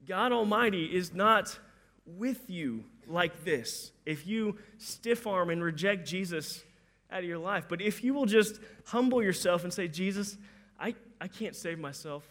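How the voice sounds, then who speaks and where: A high-voiced man delivers a sermon in a casual, conversational way, a little slowly. He's animated, acts out the voices he quotes, and repeats words as he starts sentences.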